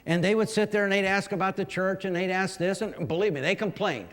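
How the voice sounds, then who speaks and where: A man's voice: high voice, fairly quick, hardly any pauses, fairly bright tone. A man, a pastor, giving a folksy, humorous talk to fellow clergy, telling stories and teasing the audience. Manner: storytelling with humorous asides to the audience. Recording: long reverb of a large hall.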